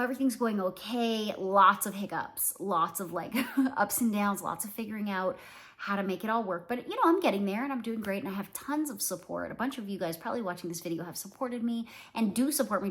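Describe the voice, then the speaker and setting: A woman from Canada in her forties, a small business owner talking casually to her viewers, rambling with lots of fillers. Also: medium pitch. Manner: chatty, rambling, many fillers and "like"s. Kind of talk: casual talk to camera.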